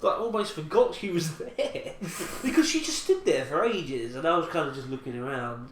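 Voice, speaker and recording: Young man, higher voice, chatty and rambling, echoey room, faint background hiss. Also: expressive, moderate pace, fairly bright tone. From England. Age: 20s. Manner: rambling, laughing storyteller with many restarts. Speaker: podcast co-host. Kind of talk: casual chat, telling an anecdote.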